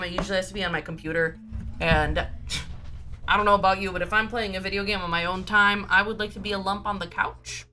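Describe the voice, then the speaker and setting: Bright, chatty woman streamer. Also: medium pitch, steady tone, fast talker. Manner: rambling, chatty, full of "um" and "like" and restarts. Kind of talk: casual chatty livestream talk.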